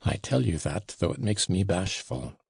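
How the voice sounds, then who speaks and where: Audiobook: man doing an admiring, coaxing young woman, gravelly husky read. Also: low-pitched, animated, moderate pace, darkish tone, no room sound, clean studio sound, full character voice. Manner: insinuating, coaxing. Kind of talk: audiobook reading.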